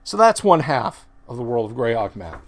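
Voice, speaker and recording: A man's voice: medium pitch, big pitch swings, normal speed, a little hiss or hum. A middle-aged man hosting a casual livestream, talking in a rambling, chatty way and often correcting himself mid-sentence. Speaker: livestream host.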